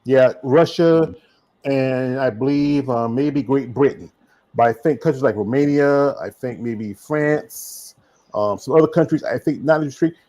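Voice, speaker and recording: A man's voice: medium pitch, unhurried, warm tone, lo-fi sound. A man with a Southern US accent hosting a podcast in casual chat, rambling with many fillers and restarts. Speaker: podcast host.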